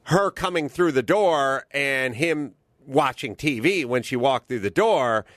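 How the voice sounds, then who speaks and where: Male podcast host, profane comic storyteller, very expressive pitch, dry sound. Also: unhurried, dry recording. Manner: profane, animated storytelling, swaps into voices for quotes. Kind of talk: casual comedic rant.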